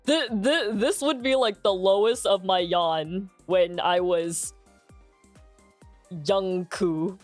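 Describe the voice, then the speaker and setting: A woman's voice: medium pitch, takes it slowly, no echo, soft background music. A young woman streamer chatting casually, coaching a friend on voice training and filling her speech with "like". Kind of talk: casual chat giving voice-training advice.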